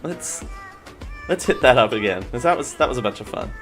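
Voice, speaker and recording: With faint music in the background, an animated Australian podcast host talks briskly in a medium-pitched, slightly bright voice. It's loose live-show chatter that rambles, mocks himself and restarts many times.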